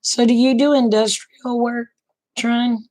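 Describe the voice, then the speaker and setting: A middle-aged woman with an Oklahoma accent, hosting a casual late-night livestream chat and talking to viewers by name, her throat a bit rough. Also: a little high, measured pace. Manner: relaxed, folksy, talks to viewers by name. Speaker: livestream host chatting with viewers.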